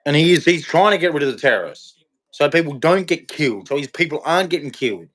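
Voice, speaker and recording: A male host talks at a quick pace in a fairly high, fairly bright, animated voice during a live show. Broadcasting unscripted from a hot room in Queensland, he's heated, rambling and repetitive, constantly restarting sentences.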